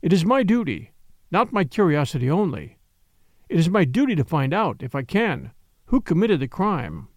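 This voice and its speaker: A man's voice: on the high side, sing-song, normal speed, dry recording. A man voicing a reformed thief turned detective who speaks impatiently, with a sneer. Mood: firm.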